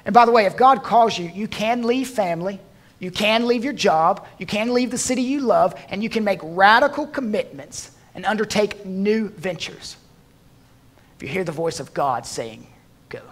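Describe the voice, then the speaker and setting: Man preaching a slow, emphatic sermon. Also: sits high, lively intonation. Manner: slows down and drops softly for emphasis, with dry humor. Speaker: pastor.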